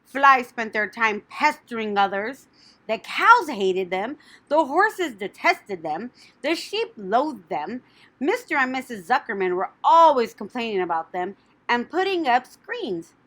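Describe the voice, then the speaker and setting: Bright, animated woman reading a story. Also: fairly high pitch, unhurried. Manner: expressive, animated. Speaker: audiobook narrator. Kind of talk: children's book reading.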